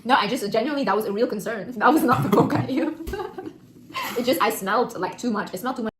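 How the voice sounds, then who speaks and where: A pregnant woman chats casually in a played clip. She talks quickly in a slightly high voice, and clear background noise runs under the recording. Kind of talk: casual chat. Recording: noisy clip audio.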